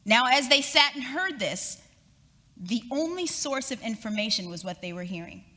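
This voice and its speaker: A middle-aged woman giving a talk as guest speaker, telling a story in a lively, dramatic way, recorded in an echoey event hall. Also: fairly high pitch, normal speed.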